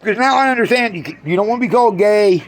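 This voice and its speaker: A man doing a crude, brash stand-up routine on a club stage, swinging from loud jabs to low mutters. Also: fast. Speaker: stand-up comedian.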